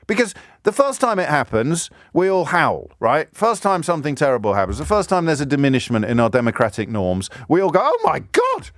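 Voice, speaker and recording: A man's voice: mid-range voice, very animated, a little fast, few pauses, no echo, clean studio sound. A man in his fifties hosting a radio phone-in, delivering an indignant, sarcastic monologue that builds to anger. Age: 50s. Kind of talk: impassioned talk radio monologue. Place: radio studio. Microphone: studio microphone.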